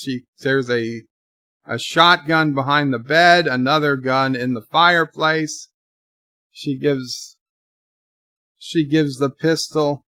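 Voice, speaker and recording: A man's voice: medium pitch, pushed and bright, no echo. A man giving live, off-the-cuff commentary while watching a TV episode, thinking aloud and describing what happens on screen. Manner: thinking aloud, describing scenes as they play. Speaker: channel host and commentator.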